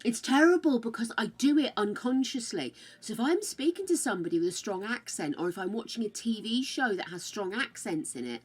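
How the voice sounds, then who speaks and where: An older woman from the UK with a British accent that drifts between regional accents, chatting casually on her game stream and calling viewers darling and dearie. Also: a little high. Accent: British, shifting between regional accents. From United Kingdom. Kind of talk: casual livestream chat.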